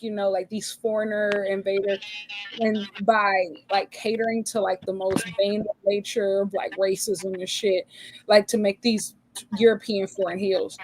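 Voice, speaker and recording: A woman co-hosting a podcast, talking casually in an animated, slangy way. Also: medium pitch, slight background noise, low-quality recording. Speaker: podcast co-host. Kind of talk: casual chat.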